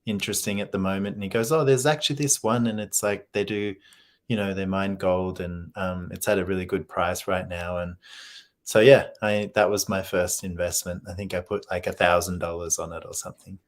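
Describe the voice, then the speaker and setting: A man co-hosting a casual conversation, telling stories in a relaxed way with plenty of fillers. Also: low-pitched, normal speed. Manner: relaxed storytelling with many fillers.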